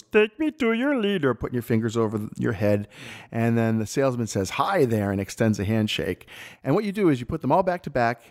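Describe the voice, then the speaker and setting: A man who teaches improv tells stories about his classes in casual conversation, his voice swinging up with excitement and then trailing off quietly. His voice is on the low side.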